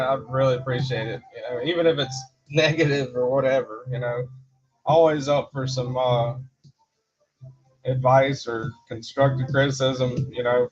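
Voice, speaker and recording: Rambling man hosting a garage livestream. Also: medium pitch. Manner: rambling, with many fillers like "you know" and "uh"; laughs often between remarks. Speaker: livestream host. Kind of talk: casual livestream chat, reading out viewer comments. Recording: slightly dull livestream audio with faint background music.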